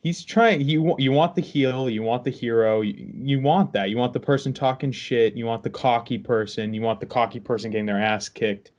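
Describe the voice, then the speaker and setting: A man's voice: mid-range voice, a little fast, few pauses, a little mellow. A man co-hosting a casual sports podcast, laid-back and opinionated, rambling through his points. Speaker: podcast co-host. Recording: dull lo-fi sound.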